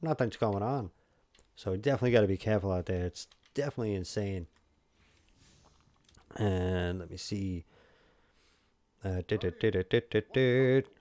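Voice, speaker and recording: A livestream host with a New York accent chats casually to his viewers while streaming a game, rambling with lots of fillers and restarts. His voice is lowish and a little mellow, at normal speed with frequent pauses.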